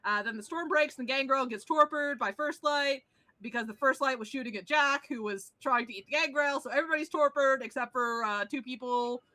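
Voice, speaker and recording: A woman player rattling off a recap of the last tabletop session, excited and swearing freely. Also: a little high, no echo. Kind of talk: casual chat.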